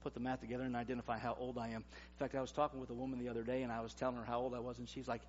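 A man in his forties, a pastor preaching a sermon in a conversational way, swinging between loud emphasis and quiet asides. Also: mid-range voice, little pitch movement, racing, a little hiss or hum. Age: 40s. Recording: dull, lo-fi recording.

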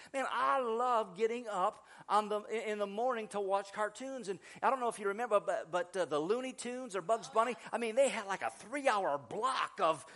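A middle-aged male pastor with a high, light voice, preaching in a loose, animated storytelling way. He laughs easily, restarts his sentences and talks to the congregation like old friends. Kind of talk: sermon.

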